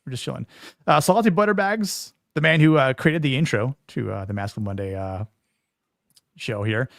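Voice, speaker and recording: A man's voice: medium pitch, normal speed, vocal fry, dry recording, clean studio sound. A man from Florida co-hosting a livestream podcast, chatting casually and greeting viewers by name. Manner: laid-back, greets chat viewers by name. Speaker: podcast co-host.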